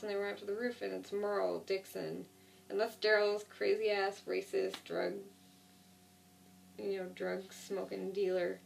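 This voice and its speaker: A woman's voice: medium pitch, vocal fry, a little hiss or hum. A woman retelling a TV episode in a casual, rambling way, correcting herself often and filling gaps with "like.". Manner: rambling, self-correcting, lots of 'like'. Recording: distant mic.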